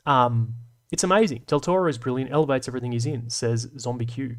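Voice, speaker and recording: A man's voice: mid-range voice, fast. A man hosting a casual live stream, reading chat and rambling in a self-deprecating way with lots of fillers.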